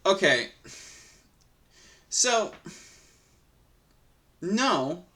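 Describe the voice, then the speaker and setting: A man's voice: high-pitched, big pitch swings, extremely slow, sharp tone. A man reading an online story aloud, then giving a heated, profane commentary full of restarts and repeats.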